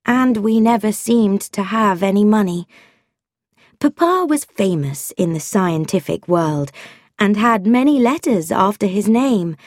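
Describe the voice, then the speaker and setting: A woman narrating a story in the first person, with a wry, expressive manner. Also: mid-range voice, no echo, studio quality. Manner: expressive, wry, with voiced dialogue.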